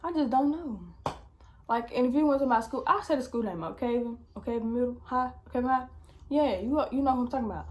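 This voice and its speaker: A woman's voice: on the high side, fast talker, darkish tone, slight background noise. A young woman vlogger telling a storytime, chatty and slangy, swearing often. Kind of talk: casual storytime.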